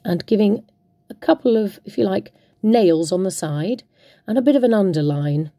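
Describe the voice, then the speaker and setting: A playful woman talks through a craft project, half to herself. Her voice is mellow and a little husky. The sound is close and dry. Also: medium pitch, animated, normal speed, no echo. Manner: chatty, playful, talks to herself while working. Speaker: craft tutorial host. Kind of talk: casual crafting demonstration.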